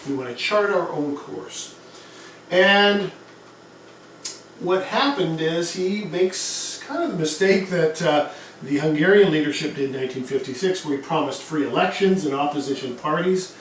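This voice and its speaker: A man's voice: on the high side, moderate pace. A man teaching a history lesson in a conversational lecture style, with fillers and self-corrections. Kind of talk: classroom lecture. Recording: distant mic, very echoey room, faint noise.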